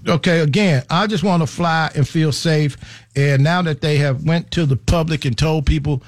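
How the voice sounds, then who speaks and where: A man's voice: on the high side, moderate pace, no echo, clean studio sound. A man hosting a talk show, joking and slangy, jumping into quoted voices as he tells stories. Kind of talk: comedic radio talk commentary.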